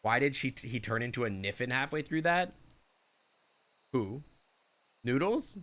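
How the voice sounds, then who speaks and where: A man's voice: medium pitch, animated, a little slow, a bit bright. A Canadian man streaming a game live, rambling and joking with his viewers. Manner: rambling, jokey, chatting with viewers.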